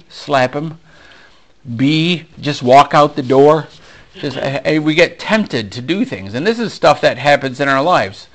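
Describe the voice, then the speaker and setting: A male pastor preaching a sermon, animated and storytelling, acting out conversations with frequent ums and restarts. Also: fairly high pitch. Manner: animated storyteller, acts out dialogue, many fillers. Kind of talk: sermon with personal stories.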